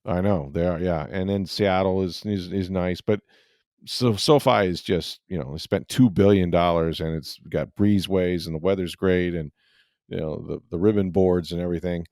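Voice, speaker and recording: Low-voiced man rambling through a story. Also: normal speed, darkish tone, no room sound, studio quality. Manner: rambling storyteller with many fillers. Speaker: podcast host, sportswriter. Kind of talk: casual sports podcast chat.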